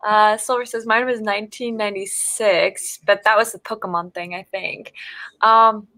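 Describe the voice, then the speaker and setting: A woman's voice: medium pitch, steady tone, normal speed, bright, forceful tone, no room sound. A woman hosting a casual livestream, reading out chat messages, laughing often and tripping over her words. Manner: giggly, trips over words.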